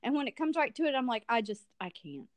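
A woman in casual chat, talking in an expressive, halting way about her feelings. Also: fairly high pitch, no room sound.

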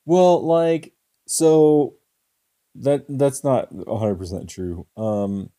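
Young dude with a really dark mellow voice, chill and swears a lot telling stories. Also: male voice, medium pitch, very slow. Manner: profane, laid-back storytelling. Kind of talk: casual storytelling chat.

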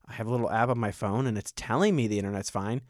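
A man's voice: on the low side, quick pace, dry recording, clean studio sound. A man in his thirties doing a stand-up comedy set, rambling and self-deprecating in a conversational way.

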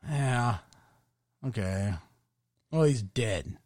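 A man's voice: medium pitch, lively intonation, drawn-out words, a little mellow, no room sound, clean studio sound. Rambling joking male podcast host. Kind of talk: casual chat.

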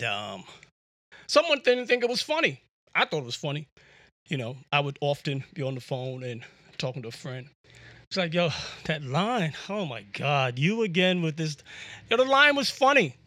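A podcast host delivers a casual, rambling, jokey monologue loaded with fillers, recorded on a USB microphone. His fairly high voice is bright and forceful. The sound is studio quality with no echo.

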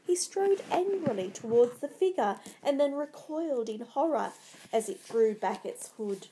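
A woman narrating a storybook in a dramatic, measured way. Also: a little high, expressive, dark tone, a little hiss or hum.

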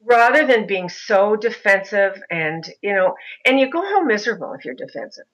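Middle-aged mom telling her story, animated, bright punchy voice. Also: mid-range voice, normal speed, poor audio. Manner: animated, mimics other voices in anecdotes. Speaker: mother of a son with a disability. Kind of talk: interview storytelling.

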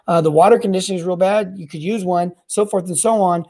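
A man hosting a solo podcast on plumbing service and sales, talking in a rambling, energetic way that often repeats and restarts words. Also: sits high, quick pace, few pauses. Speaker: podcast host.

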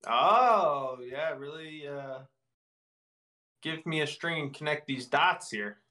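A man co-hosting a casual podcast, reacting with quick wisecracks. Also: on the high side, lively intonation, bright, forceful tone. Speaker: podcast co-host.

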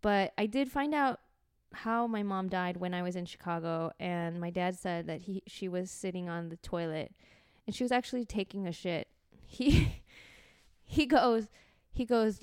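Brief: woman in her forties, podcast host, animated comedic storyteller with a smooth, clear voice. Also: lowish voice, measured pace, dry recording, studio quality. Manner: animated, profane, acts out quotes.

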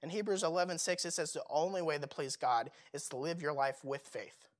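A man's voice: a little high, fairly quick. A young man preaching a sermon in a casual, conversational way, full of fillers and rhetorical questions.

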